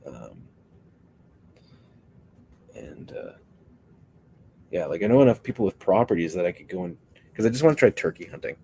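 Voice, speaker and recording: A man with a low voice and a gravelly texture talks casually as he builds a puppet on a stream. He rambles and cracks jokes between answers to viewers. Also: very animated, moderate pace, pauses often, warm tone, a little hiss or hum, rough recording. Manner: rambling, joking, answering chat. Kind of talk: casual chat while crafting.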